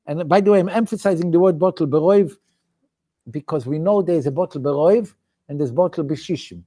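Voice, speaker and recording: Leading a weekly Talmud study lecture, this rabbi has a mellow, fairly high voice, a Yiddish-inflected English accent, and a slightly fast pace. His speech follows a chanting rhythm, with frequent restarted sentences.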